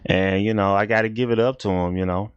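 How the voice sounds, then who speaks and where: A man's voice: fairly low pitch, fairly even intonation, a little fast, smooth, no room sound, dull audio. A man hosting a casual reaction video, talking in a rambling, repetitive, laid-back way.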